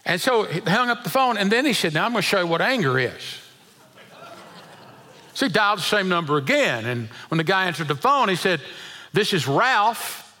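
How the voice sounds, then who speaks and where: A man's voice: high voice, big pitch swings, fairly quick, bright, forceful tone. A middle-aged man preaching a sermon, telling folksy stories with chuckles and often repeating his words. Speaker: pastor.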